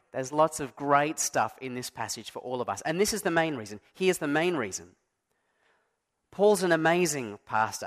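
A man's voice: a little high, a bit bright. A man preaching a sermon as pastor, conversational and self-deprecating, stressing key words. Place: church.

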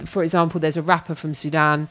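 A woman tells a story in an easy, conversational way, with a slightly low voice. Her pitch jumps around a lot as she acts out the voices of people she met. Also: level tone, quick pace, a bit bright. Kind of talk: casual anecdote.

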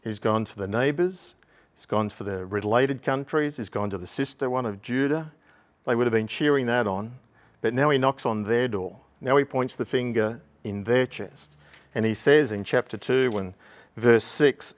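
A man preaching a sermon from the pulpit. He explains the text in a steady, teaching way, with a mid-range voice, and now and then he pauses with an um or clears his throat. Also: medium pitch.

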